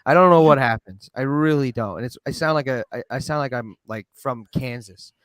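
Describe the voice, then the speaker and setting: A man's voice: medium pitch, brisk, a bit bright, no echo, studio quality. A man from the Chicago area with a Midwestern accent, chatting on a podcast in a loose, rambling way full of fillers. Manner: rambling, full of "like" and "you know". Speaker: podcast co-host. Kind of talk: casual podcast chat.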